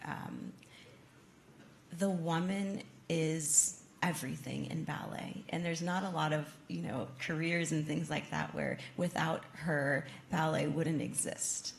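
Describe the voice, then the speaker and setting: A woman's voice: low voice, gravelly, a little hiss or hum. A young woman, a ballet dancer, answering audience questions earnestly, with fillers and restarts. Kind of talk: audience Q&A talk. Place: museum event space with an audience.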